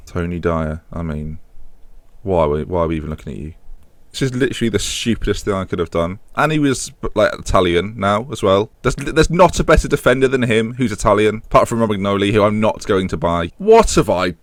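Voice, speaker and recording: A young man with a British accent, chatting casually and mocking himself while he plays a football management game, now and then slipping into silly high character voices. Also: animated, brisk, no room sound. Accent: British English. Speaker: gaming YouTuber.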